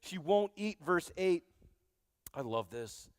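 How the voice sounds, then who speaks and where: A man preaching a sermon as pastor, animated and joking, speaking straight to his congregation in a church. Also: high voice, slow pace, no room sound, clean studio sound, long reverb tail. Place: church sanctuary.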